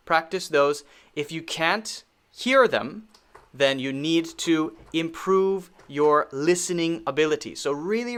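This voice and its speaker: A pronunciation teacher with an American accent works through a lesson at an unhurried, measured pace. The voice sits at a middling pitch and patiently repeats each sound several times over. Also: fairly bright tone. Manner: slow, deliberate, repeats and models sounds.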